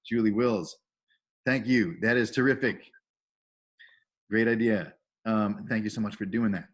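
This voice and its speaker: A man's voice: on the low side, a little slow. A middle-aged man hosting a video call training, casually welcoming people and cheerfully reading out chat messages with praise. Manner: enthusiastic, reads out chat messages with upbeat praise. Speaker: volunteer trainer and call host.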